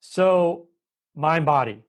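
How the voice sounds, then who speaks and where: A man's voice: fairly high pitch, animated, drawn-out words. A man as a guest in a conversational interview, explaining with emphasis and changing his pace often. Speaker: Ayurvedic doctor, guest.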